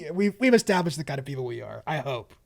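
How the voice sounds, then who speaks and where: A man's voice: fairly high pitch, big pitch swings, a little fast, creaky. A man co-hosting a movie podcast in casual chat, rambling and restarting his sentences, laughing easily. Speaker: podcast co-host.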